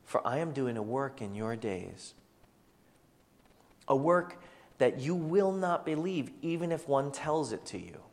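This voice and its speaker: A man preaching a sermon as pastor, animated and acting out the voices of the people he quotes. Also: medium pitch, a little slow. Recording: long hall reverb.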